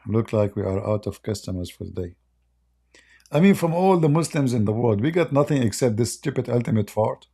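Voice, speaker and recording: A man hosting a casual livestream chat, mocking and sarcastic, with a voice going hoarse. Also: medium pitch, lively intonation, a little fast, warm tone. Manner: mocking, sarcastic banter with frequent laughter. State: hoarse, losing his voice. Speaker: livestream debate host. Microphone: close desk microphone.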